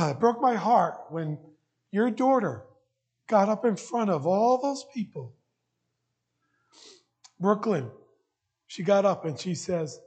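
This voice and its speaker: A pastor with a high, light voice delivers a heartfelt sermon from the pulpit of a church. He speaks earnestly and emotionally, pressing his congregation with emphatic repeated questions. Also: expressive, takes it slowly, long pauses, darkish tone, husky. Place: church sanctuary.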